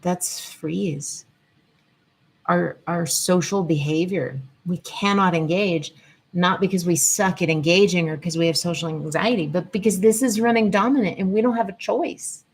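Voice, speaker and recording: A woman's voice: on the low side, moderate pace, slightly rough. A woman hosting a live-stream lesson, chatting and greeting viewers as she goes. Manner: chatty, digressive, greets viewers mid-talk. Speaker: host and teacher on the nervous system. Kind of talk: live-stream teaching talk. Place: at home in Colorado.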